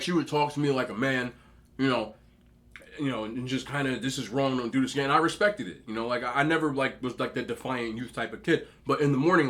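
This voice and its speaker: A man in his thirties chatting casually at home, rambling through stories as he eats. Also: medium pitch. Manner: chatty, rambling, animated when telling stories. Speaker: mukbang host. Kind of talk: casual storytelling while eating. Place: indoors at home.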